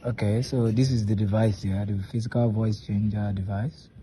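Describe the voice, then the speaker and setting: A man demonstrating a device, calmly explaining each step as he goes. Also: lowish voice, moderate pace, husky. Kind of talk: casual demo narration.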